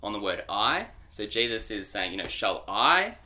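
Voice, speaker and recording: A man co-hosting a church podcast, explaining Bible passages in a lively, teacherly way. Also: fairly low pitch, a little fast. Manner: explanatory, animated. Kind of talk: podcast discussion.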